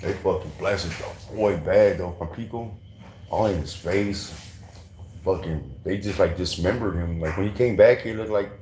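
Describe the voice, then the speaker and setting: Low-voiced man telling prison stories, street slang. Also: moderate pace, darkish tone, slight background noise. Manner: rambling, street slang, profane, many restarts. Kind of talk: casual storytelling.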